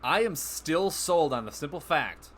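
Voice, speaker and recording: Excitable male card game streamer. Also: a little high, a little slow, a little hiss or hum. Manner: excitable, self-mocking, thinks aloud. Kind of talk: live card game commentary.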